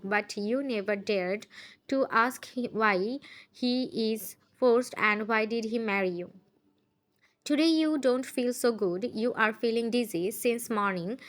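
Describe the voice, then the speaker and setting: A woman's voice: fairly high pitch, fairly bright tone. A woman reading a fan-fiction story aloud in a hesitant way, often stumbling and correcting herself. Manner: apologetic about her own voice.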